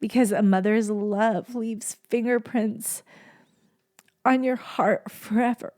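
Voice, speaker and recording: Slow and steady, a woman hosting a podcast speaks in a slightly high voice. Her solo monologue is heartfelt, soft, and tender, with phrases repeated for emphasis.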